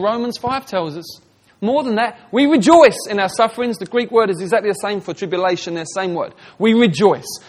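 A man preaching a sermon, animated, swinging between hushed, tender lines and loud, emphatic ones. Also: high voice. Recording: long hall reverb.

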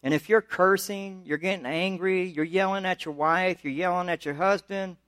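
A man preaching a sermon as pastor, talking through scripture in a conversational way and pushing his voice higher when he presses a point. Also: fairly even intonation, normal speed, fairly bright tone, smooth, dry recording. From United States.

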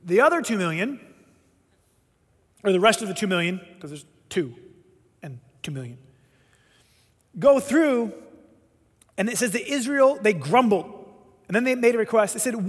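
A man preaching a sermon, telling a story with animated, emphatic delivery and voiced quotes. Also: high-pitched, normal speed, pauses often. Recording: long hall reverb.

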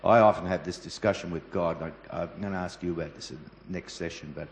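A man with a very deep voice interviews a guest in a church setting, gentle and halting as he shapes his questions. The echoey hall gives his voice a long, roomy reverb. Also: fairly even intonation, a little hiss or hum.

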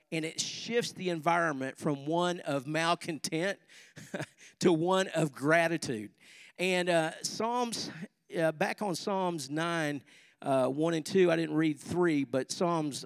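A middle-aged pastor preaching in a church hall, with a fairly high voice. He talks in a loose, conversational way and urges the congregation to respond. The close, dry voice trails into a long hall reverb. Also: clear, resonant tone. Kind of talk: sermon.

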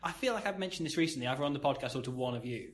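A man's voice: medium pitch, animated, rapid-fire, fairly bright tone. A young man, co-hosting a podcast, reading quotes aloud with wry asides. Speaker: podcast co-host. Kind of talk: casual banter, reading out quotes.

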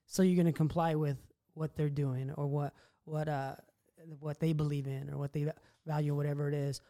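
A man with a fairly high but mellow voice chats as a podcast co-host. He speaks in a relaxed, conversational way. His tone stays easygoing and affirming. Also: normal speed. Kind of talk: faith podcast chat.

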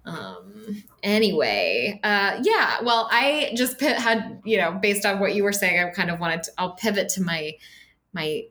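A woman's voice: mid-range voice, big pitch swings, a little slow, fairly bright tone. A woman co-hosting a podcast, talking casually with many fillers and a sarcastic edge. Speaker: podcast co-host. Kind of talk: casual political chat.

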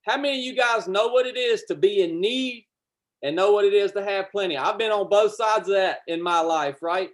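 Fervent preacher, loud bursts. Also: male voice, high voice, moderate pace. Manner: fervent, repetitive, swells loud then drops to casual asides. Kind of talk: livestreamed sermon.

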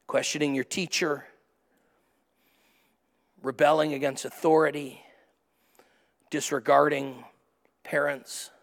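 A man preaching a sermon as pastor, telling stories with sudden excited peaks and a lively back-and-forth with the congregation. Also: on the high side. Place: church auditorium. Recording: long hall reverb.

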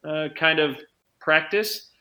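A man who works as a chiropractor, telling an animated story as an interview guest, changing his pace for emphasis. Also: a little high. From United States. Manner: animated anecdote-teller, speeds up and slows down for emphasis. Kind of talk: conversational storytelling.

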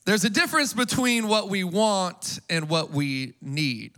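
A man preaching an Easter sermon to a congregation, energetic and casual, with call-and-response. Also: high voice, measured pace. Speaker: pastor.

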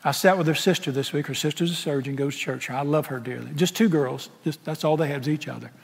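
A middle-aged pastor, preaching a folksy, impassioned sermon that swings from loud to soft. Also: male voice, on the high side, quick pace, gravelly, husky. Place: large church sanctuary. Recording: echoey sanctuary with long reverb.

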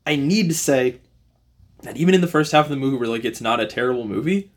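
A man co-hosting a podcast in casual chat, animated and acting out quotes in changing voices. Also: fast talker. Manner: animated, acts out quotes with big pitch jumps. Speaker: podcast co-host.

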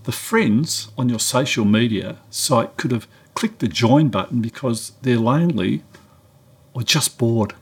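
Husky, middle-aged male preacher; storytelling delivery. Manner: animated storyteller, acts out dialogue with raised pitch. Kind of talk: sermon-style talk with storytelling.

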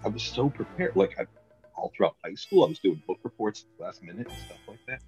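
Animated low-voiced man telling a story. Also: fast, breathy edge, faint music behind, poor audio. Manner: animated, laughs often, acts out quotes. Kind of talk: casual comedic storytelling.

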